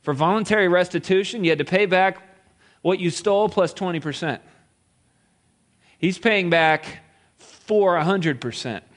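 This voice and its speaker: A male pastor preaching with a lively, animated delivery that swings up and down. His voice sits a little high for a man, and he tells the story playfully, slipping into quoted voices. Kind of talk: sermon.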